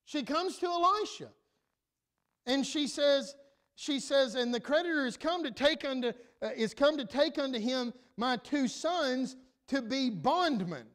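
Man, pastor, church sermon, high-pitched voice, loud then quiet delivery. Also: a little slow. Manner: animated preaching that swings from loud to quiet. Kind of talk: preaching a sermon. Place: church sanctuary.

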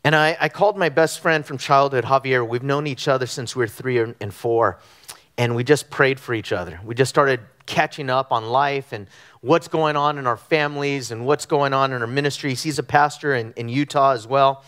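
A middle-aged man from Southern California preaching a conversational sermon, telling animated stories with frequent ums and restarts. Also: medium pitch, moderate pace, smooth. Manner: animated storytelling with frequent fillers. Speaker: pastor. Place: church sanctuary.

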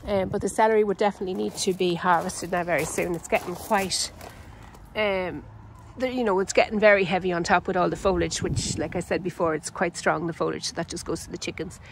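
An Irish woman giving a casual, unhurried walkthrough of her vegetable garden outdoors, chatty and full of ums and self-corrections. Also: fairly low pitch, steady tone, slight background noise, poor audio. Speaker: home gardener and channel host.

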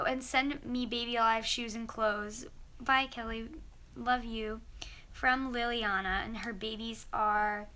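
Chatty high-voiced teenage girl. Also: bright, forceful tone. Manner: chatty, gushing, reads letters aloud. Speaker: vlogger. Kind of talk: casual mail-opening vlog.

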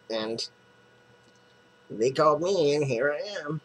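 A man's voice: mid-range voice, unhurried, pauses often, slight background noise, poor audio. A man casually recapping a comic book plot, rambling with lots of fillers and restarts.

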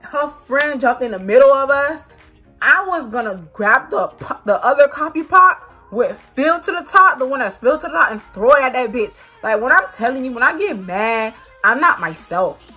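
A woman vlogger telling a storytime to her viewers, animated and swearing freely. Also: sits high, normal speed, slightly rough, soft background music. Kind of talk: storytime vlog.

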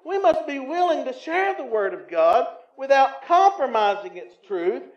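A Southern American man preaching a sermon as pastor, swinging from loud emphatic lines to quiet, low asides, in a church sanctuary. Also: very animated, normal speed. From Tennessee. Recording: echoey, slightly muffled church recording.

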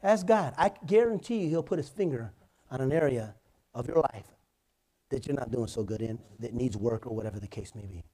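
A man's voice: mid-range voice, expressive, brisk, dark tone, husky. A male pastor preaching in church, telling stories conversationally and building to emphatic points. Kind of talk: sermon.

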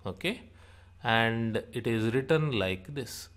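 A man teaching an alphabet lesson, saying each sound and example word slowly and repeating them. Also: fairly low pitch, animated, a bit bright. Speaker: language teacher. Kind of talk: slow spoken alphabet lesson.

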